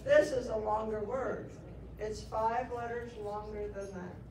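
A woman's voice: a little high, steady tone, measured pace, close to an everyday voice. Mary Poppins, played by a woman at a live event. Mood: chatty. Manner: chatty, self-mocking, laughing asides. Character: Mary Poppins, woman, jokey magical nanny turned caretaker. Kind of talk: comic live character performance. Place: public square event. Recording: echoey, distant mic with ambient noise.

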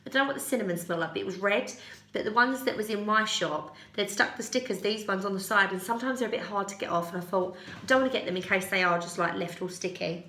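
A woman's voice: mid-range voice, quick pace, pushed and bright. A young woman chatting casually through a shopping haul at home, rambling and correcting herself with little giggles. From United Kingdom. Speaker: haul vlogger. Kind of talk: casual chat. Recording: echoey room.

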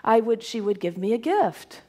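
An eager young boy chatters cheerfully in a high, lifted voice, as a woman minister puts him on. It is plainly a grown woman doing a child's voice inside a told story. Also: sing-song, normal speed, dark tone. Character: cheerful young boy who loves the woods.

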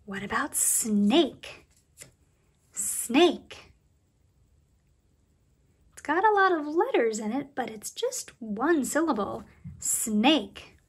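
High, slow-talking preschool teacher woman. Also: animated, slightly rough. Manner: cheerful, slow and encouraging, talking to young children. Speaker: preschool circle time teacher. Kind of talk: children's lesson.

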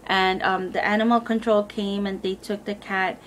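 A young woman tells a personal story in a loose, rambling way, full of fillers and quoted back-and-forth. Her pitch sits in an ordinary middle range. A faint low rumble hums under the recording. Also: level tone, moderate pace. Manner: rambling, filler-heavy retelling with quoted dialogue. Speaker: vlogger. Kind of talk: casual storytelling.

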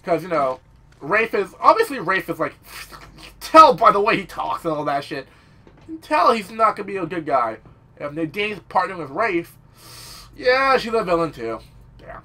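A young man giving casual, rambling let's-play commentary, excitable and swearing often. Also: high voice, moderate pace. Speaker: gameplay commentator.

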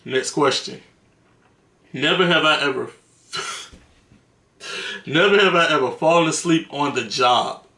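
A man's voice: a little high, slow, long pauses, sharp tone. A man telling stories to the camera in a casual, slangy, profane way, laughing between them. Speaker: vlogger. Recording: roomy echo.

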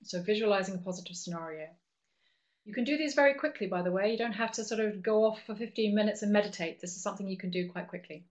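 A middle-aged woman leading a live online training session, talking in a chatty way with frequent ums and quick self-corrections. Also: medium pitch. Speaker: webinar trainer.

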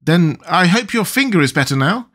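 Polite little girl read by a man, gentle and raised in pitch, lively, audiobook. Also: moderate pace. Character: polite, curious seven-year-old girl. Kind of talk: audiobook character voice.

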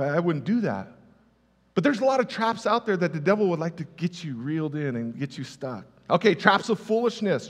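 A man's voice: high voice, a bit bright. A male pastor giving a conversational sermon with personal stories, stressing key words by repeating them. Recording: reverberant hall.

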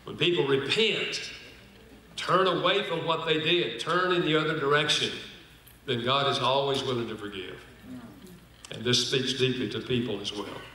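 A man's voice: mid-range voice, moderate pace, pushed and bright. Older man teaching in a roomy hall. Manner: storytelling, acts out quoted lines, jokes with the audience. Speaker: speaker at a conference. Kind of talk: sermon-style teaching with anecdotes. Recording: roomy hall audio from a distant mic.

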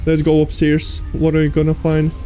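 A man playing a horror video game, reacting out loud, talking to its characters and swearing mildly between loud outbursts and nervous laughs. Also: fairly high pitch, completely flat delivery, moderate pace, faint music behind. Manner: jumpy, talks to the game characters, mild swearing. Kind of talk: let's play commentary.

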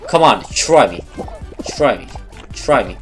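A woman commentating her own game play, excitable and swearing at opponents, with faint game music behind. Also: extremely low pitch, measured pace. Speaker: gamer.

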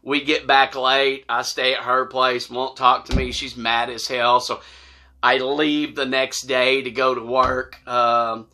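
A man telling a funny personal story to camera, animated and laughing as he acts out the voices. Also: mid-range voice, slow pace. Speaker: storytelling vlogger.

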